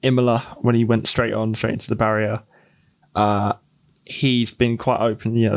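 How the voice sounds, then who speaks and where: Co-host, man, lowish voice, measured and reflective, stammers a bit on restarts. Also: level tone, vocal fry. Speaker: podcast co-host. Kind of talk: casual chat.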